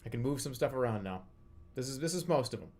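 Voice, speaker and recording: Male streamer, casual live chat, talks to himself while he sorts, middle pitch. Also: lively intonation, fast talker, darkish tone. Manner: musing aloud, drifting volume, brief laughs.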